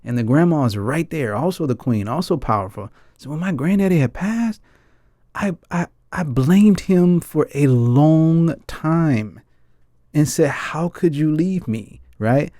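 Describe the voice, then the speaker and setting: A man's voice: fairly high pitch, expressive, measured pace, warm tone, dry recording, studio quality. A man from the United States hosting a film chat, talking in an earnest, rambling way and often checking in with his audience. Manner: earnest and rambling, keeps asking the audience "right?" and "guys". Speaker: film discussion host. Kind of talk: casual reflective chat.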